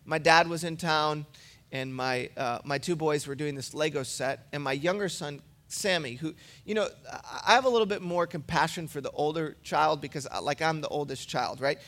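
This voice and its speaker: A man's voice: a little high, normal speed, fairly bright tone. A man and pastor giving a sermon, preaching in a casual, storytelling way.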